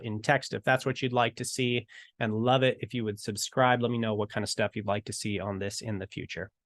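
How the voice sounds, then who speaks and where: A man's voice: medium pitch, dry recording. Man teaching casually, dry close sound. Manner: conversational, acts out dialogue in quick asides. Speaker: evangelism teacher. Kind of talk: casual teaching talk to camera.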